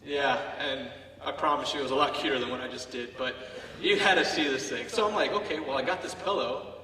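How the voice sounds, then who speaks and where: A man with a bright, clear voice tells a lighthearted story from his service with comic asides. He sounds distant from the microphone, with long reverb from a large hall and faint room noise behind. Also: medium pitch, fairly quick. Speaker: military veteran telling his story on stage. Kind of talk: staged personal storytelling. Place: theater stage, heard from the audience.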